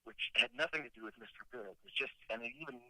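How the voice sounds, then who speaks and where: A man's voice: medium pitch, very fast, dry recording, low-quality recording. A man in his fifties, a rock singer calling in as a guest, casually telling a long story and acting out what other people said. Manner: animated storyteller who acts out quoted dialogue. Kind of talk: casual phone-in interview storytelling.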